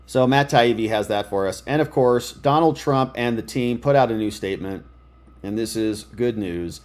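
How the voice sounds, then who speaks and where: A man's voice: medium pitch, moderate pace. Sarcastic man streaming commentary. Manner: sarcastic, excitable, reads news aloud. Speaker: lawyer and political commentator. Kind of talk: live political commentary stream.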